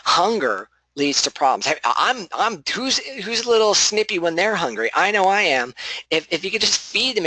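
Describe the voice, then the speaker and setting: Bright-voiced man giving a casual training talk. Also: a little high, dry recording, poor audio. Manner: conversational, self-correcting, animated asides. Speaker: de-escalation trainer.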